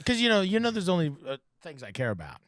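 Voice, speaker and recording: A man's voice: fairly high pitch, huge pitch swings, fast talker, a bit bright, no echo, studio quality. A man co-hosting a podcast, chatting casually and rambling through stories with frequent laughs. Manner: rambling storyteller who laughs between lines. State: broken leg. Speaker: podcast co-host. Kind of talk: casual chat.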